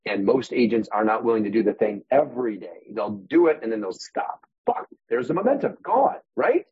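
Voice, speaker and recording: A man's voice: fairly low pitch, very animated, normal speed, slightly rough, no echo. A man as a guest on a real estate podcast, talking animatedly and acting out voices and examples. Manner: demonstrative, acts out inner voices, uses props as metaphors. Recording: dull muffled podcast audio.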